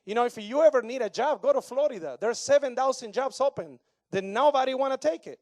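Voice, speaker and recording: A man in his thirties from Argentina, preaching a sermon with an Argentine Spanish accent in broken English, animated and joking with the congregation. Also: very high-pitched, a little fast, no echo, studio quality. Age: 30s. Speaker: pastor.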